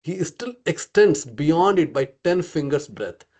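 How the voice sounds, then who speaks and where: A man's voice: fairly high pitch, big pitch swings, measured pace, a little mellow. A man teaching an interactive scripture study class, questioning his group and often checking in with "okay" and "right".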